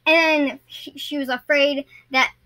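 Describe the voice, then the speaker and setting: A woman's voice: sits high, steady tone, takes it slowly, pushed and bright, no room sound, rough recording. A young woman vlogger telling a story casually to her viewers, rambling and often stumbling and restarting her sentences.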